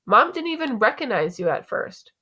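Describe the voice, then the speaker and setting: A woman's voice: on the high side, sing-song, normal speed, pushed and bright, pitched above the performer's own voice, full character voice. A woman voicing a proud, cheerful father who gives hearty, emphatic praise in a story read aloud.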